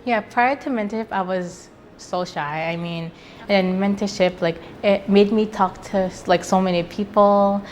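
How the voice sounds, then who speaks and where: A woman's voice: medium pitch, steady tone, a little slow, a little hiss or hum. A young woman, a scholarship winner, giving a reflective casual testimonial.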